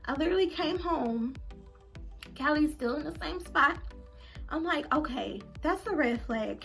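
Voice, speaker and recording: Animated high-voiced young woman vlogger. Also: gravelly. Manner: animated, emphatic, slangy. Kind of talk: casual storytelling vlog.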